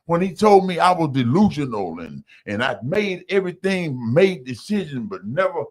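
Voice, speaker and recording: A man's voice: on the high side, normal speed. A man telling his personal recovery story in a loose, conversational way, calling his listeners y'all and acting out the voices of people he quotes. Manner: animated, acts out other people's voices in quotes.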